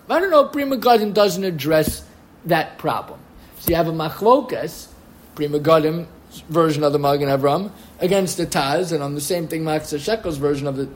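A man teaching a lively class, asking questions and working through the texts. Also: high voice. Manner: lively, questioning, drops to mutters. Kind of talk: Talmudic lecture to students.

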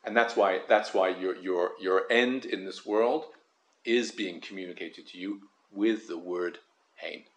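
A man giving a Torah lesson, careful and measured, stressing key words and often repeating himself as he weighs a point. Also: sits low. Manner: careful, measured, with frequent word repetitions. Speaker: Torah teacher. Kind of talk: Torah lesson on the weekly portion.

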